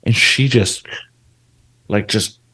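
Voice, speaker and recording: A man's voice: lowish voice, takes it slowly, slightly rough. A man in his thirties co-hosting a podcast, casually telling family stories and acting out quotes. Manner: animated storytelling with acted-out quotes. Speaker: podcast co-host. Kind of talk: casual chat.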